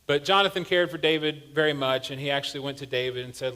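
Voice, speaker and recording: Man preaching a lively conversational sermon. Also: a little high, fast talker. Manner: conversational storytelling with humor. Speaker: pastor. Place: church sanctuary.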